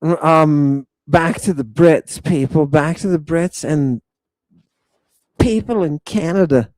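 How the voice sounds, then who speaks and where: A middle-aged man hosting a live stream, reading viewer comments and riffing on them in an excitable, profane, rambling way. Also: fairly high pitch, slow, no room sound. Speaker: livestream host reading chat. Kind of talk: casual live-stream chat.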